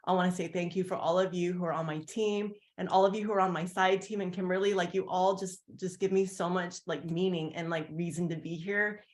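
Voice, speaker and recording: Woman, team leader, candid testimony, rambling and animated when quoting others. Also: lowish voice, fairly quick, few pauses. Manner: rambling with many fillers and restarts. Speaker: team leader sharing her story. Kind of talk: heartfelt personal testimony on a team call.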